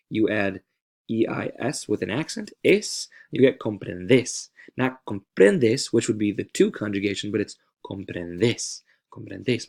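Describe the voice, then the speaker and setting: A man narrates a video lesson as a Spanish teacher, patient and careful. He repeats key words to stress their sound. His voice has a gravelly edge at a middle pitch. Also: darkish tone.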